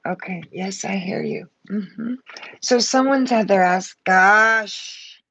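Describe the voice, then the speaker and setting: A woman's voice: medium pitch, slow pace, creaky, a bit bright, slightly rough, dry recording, poor audio. A woman giving a live tarot reading, blunt and fired up, swearing freely as she talks. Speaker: tarot reader.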